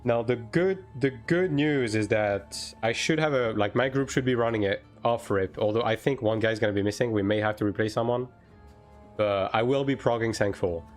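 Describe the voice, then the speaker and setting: Chatty male game streamer, faint music. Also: lowish voice. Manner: chatty, many fillers, quick bursts. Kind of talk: casual live-stream chat, answering chat.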